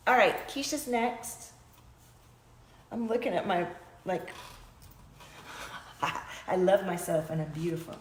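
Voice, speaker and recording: A woman's voice: on the low side, lively intonation, takes it slowly, pauses often, a little mellow, echoey room, slight background noise. A woman hosting a casual spiritual livestream from her small home studio, pulling oracle cards for viewers, chatting loosely and now and then breaking into chanted light-language syllables.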